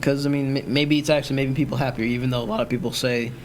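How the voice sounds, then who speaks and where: A man's voice: mid-range voice, steady tone, racing, slight background noise. A man hosting a podcast in casual chat, joking and teasing and laughing often. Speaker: podcast host.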